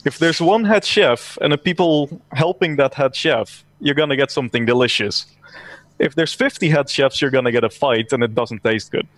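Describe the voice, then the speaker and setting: A man speaks in a calm, measured way, explaining his point through analogies in a relaxed group call. His voice sounds dry and close, with no room around it. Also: mid-range voice, no echo. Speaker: video chat caller. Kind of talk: casual group chat.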